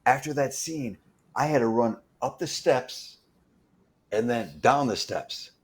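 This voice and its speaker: A man, a stunt performer appearing as a guest, tells a story in a casual way, often pausing and repeating words as he goes. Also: mid-range voice, expressive. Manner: halting, repeats words while recounting. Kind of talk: casual anecdote telling.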